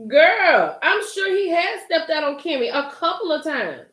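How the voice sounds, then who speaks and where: A woman's voice: very high-pitched, moderate pace, roomy sound. Hyped woman talking to live viewers. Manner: animated, gets hyped and loud, talks to chat by name. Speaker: livestream host recapping a reality show. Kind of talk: casual chat to live viewers.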